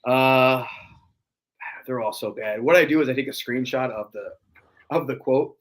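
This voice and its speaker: A man's voice: medium pitch, a little slow, poor audio. A young man guest chatting casually on a podcast, often slipping into a brash, growly wrestler-impression drawl. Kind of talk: casual interview chat.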